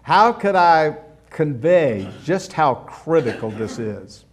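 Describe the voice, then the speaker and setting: A middle-aged male pastor preaching a sermon in a conversational way, asking rhetorical questions and dropping suddenly soft. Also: a little high, sing-song, slow.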